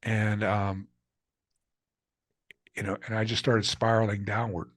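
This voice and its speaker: A husky, slightly breathy older man speaking as a guest in an interview. He tells his stories earnestly and openly, voicing the people in them. The sound is close and dry. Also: fairly low pitch, flat delivery, unhurried, fairly bright tone, no echo. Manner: earnest, candid storyteller who acts out quotes. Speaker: author and guest. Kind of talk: reflective storytelling interview.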